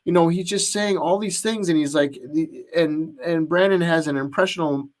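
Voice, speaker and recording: A man with a fairly high voice, speaking at a moderate pace, co-hosts a podcast. In casual chat he tells a long, rambling story, restarting often and filling gaps with fillers.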